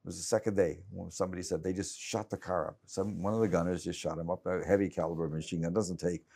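A man's voice: low-pitched, steady tone, quick pace, creaky, warm tone, slightly rough. A man in his late seventies, a journalist interviewed in conversation, who talks in a rambling, cranky way with many restarts and stammers. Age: 70s. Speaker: journalist guest.

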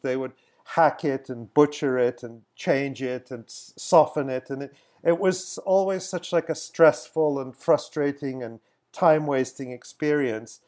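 A man's voice: medium pitch, darkish tone. A man answering as a podcast guest, reflective and conversational, often restarting his sentences.

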